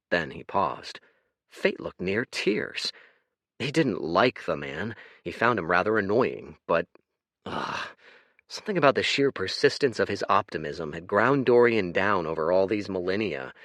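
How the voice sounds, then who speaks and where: A man narrating a science fiction audiobook in an expressive scripted reading. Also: low voice, measured pace, no echo, studio quality. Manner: expressive, shifts voice for characters.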